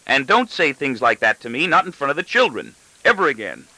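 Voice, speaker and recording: A man voicing a shrill, indignant middle-aged wife in an audiobook reading. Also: huge pitch swings, takes it slowly, sharp tone, no echo, exaggerated voice, poor audio. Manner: shrill, vehement.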